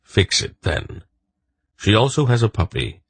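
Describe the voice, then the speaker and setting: A man's voice: on the low side, very animated, measured pace, breathy edge, dry recording, voice pushed up, heavily acted. A man voicing an old male wolf pack leader who speaks in a commanding, dry, decisive way in an audiobook.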